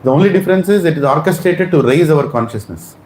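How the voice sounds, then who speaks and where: A man giving an animated storytelling sermon at a temple Sunday feast, acting out the lines of the people in his story. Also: on the high side, fast. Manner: animated, acts out dialogue in changing voices. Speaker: devotional speaker. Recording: echoey hall, faint room noise.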